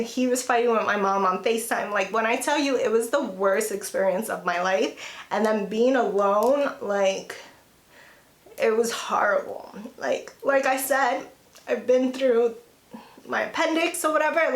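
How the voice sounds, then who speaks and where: A young woman vlogger in an emotional story time, talking haltingly with lots of "like" and restarts, clearing her throat and coughing now and then. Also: mid-range voice. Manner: halting, full of "like" and restarts, near tears at times. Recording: echoey room.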